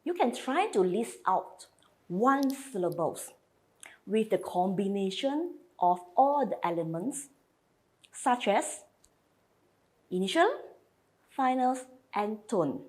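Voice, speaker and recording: A woman's voice: mid-range voice, animated, takes it slowly, pauses often. A woman teaching a slide lesson, patiently modelling each sound and repeating it for learners. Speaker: language teacher.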